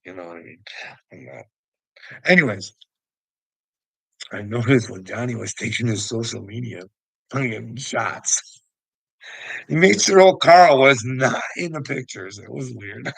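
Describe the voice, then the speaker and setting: A man's voice: medium pitch, creaky, fairly bright tone, breathy edge, dry recording, rough recording. A man rambling to viewers, laughing constantly, swearing and taunting someone.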